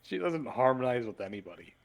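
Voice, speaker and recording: A man's voice: mid-range voice, very animated, brisk, vocal fry, highs cut off. A man voicing a sly, mocking floating male spirit with a sardonic drawl.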